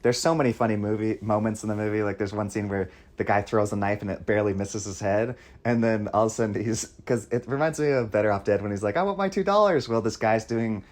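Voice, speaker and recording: A man's voice: fairly low pitch, steady tone, fast talker, few pauses, a little mellow. A young man co-hosting a casual movie chat, rambling along with hesitant restarts. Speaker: podcast co-host.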